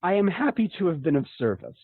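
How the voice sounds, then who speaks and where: Man doing a smooth fake occultist, calm, self-assured, slow delivery, dry phone-line sound. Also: high voice, dry recording, exaggerated voice. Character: smooth overconfident young male fake occultist.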